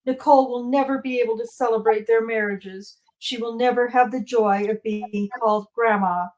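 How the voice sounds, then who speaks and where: A woman's voice: on the high side, low-quality recording. A middle-aged woman, a grieving mother, reading a bitter victim impact statement aloud in a courtroom. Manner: grieving, bitter, reads a prepared speech.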